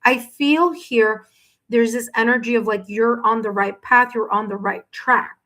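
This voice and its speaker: A woman's voice: on the high side, moderate pace, a bit bright, poor audio. A woman giving a paid tarot reading on a live stream, speaking to the viewer directly in a soothing, reassuring way while she has the hiccups. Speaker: tarot reader.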